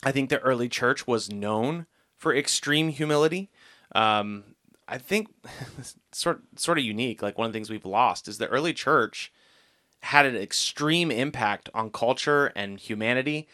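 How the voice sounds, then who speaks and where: Bright-voiced man chatting about scripture. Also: medium pitch, unhurried. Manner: chatty, laughs often, acts out quotes. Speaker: podcast co-host. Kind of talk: casual Bible discussion.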